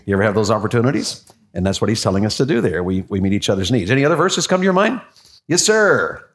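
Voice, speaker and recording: A man's voice: on the low side, big pitch swings, fast. Folksy preacher man quizzing his class. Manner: folksy, encouraging, asks the room questions. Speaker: pastor leading a class. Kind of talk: interactive sermon.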